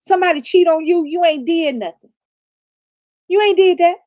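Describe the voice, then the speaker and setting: Woman, high-pitched, profane, preachy advice, close dry sound. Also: normal speed, dark tone, no room sound, dull audio. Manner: blunt, preachy, profane, laughs often. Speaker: livestream co-host. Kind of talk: casual advice talk.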